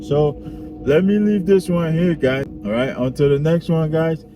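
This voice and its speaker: Slow-talking man with music behind. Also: fairly high pitch, lo-fi sound. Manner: repetitive, keeps checking in with "all right?" and "huh?". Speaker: self-help video host. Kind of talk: casual spoken talk to viewers.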